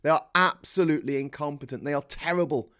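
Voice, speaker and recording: A man's voice: fairly high pitch, fast, fairly bright tone, smooth. Sarcastic man ranting about politics. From Liverpool, England. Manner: rambling, sarcastic, frequent restarts and laughs. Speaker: political livestream host. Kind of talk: casual political commentary reading viewer comments.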